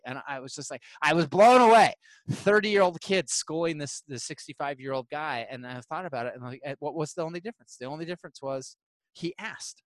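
A man's voice: a little high, fairly quick, no room sound. Male host, casual storyteller, acts out his quotes, close dry mic. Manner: animated, acts out quoted voices while retelling. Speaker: podcast host.

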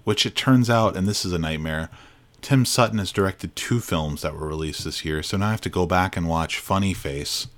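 A man's voice: deep voice, a bit bright. A man co-hosting a film podcast, giving casual, opinionated reviews and laughing easily.

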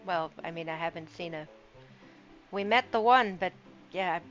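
A woman's voice: lowish voice, moderate pace, lo-fi sound, faint music behind. A woman playing a tabletop role-playing game, speaking hesitantly and trailing off mid-sentence. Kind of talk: casual in-character banter.

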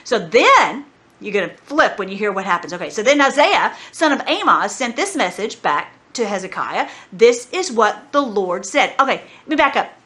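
A woman's voice: medium pitch, big pitch swings, normal speed, sharp tone. A woman teaching from the Bible, mixing fervent prayer with chatty commentary. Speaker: Christian teacher.

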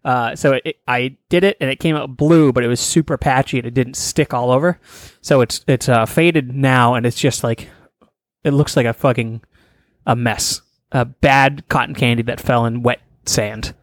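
A man's voice: medium pitch, fairly even intonation, moderate pace, no echo. Jokey, casually swearing male co-host. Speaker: podcast co-host. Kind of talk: casual chat.

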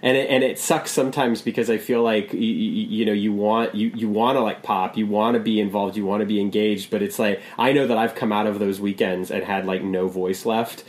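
A man's voice: lowish voice, steady tone, fairly quick, few pauses. A man hosting a podcast, talking casually in a rambling, stop-start way. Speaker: podcast host. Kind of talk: casual chat.

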